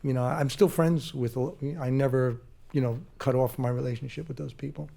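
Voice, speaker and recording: A man being interviewed on stage as a guest actor, talking in a halting way with many restarts and fillers. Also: mid-range voice, steady tone, vocal fry, warm tone. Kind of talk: casual interview on a live stage. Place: theater stage before a live audience.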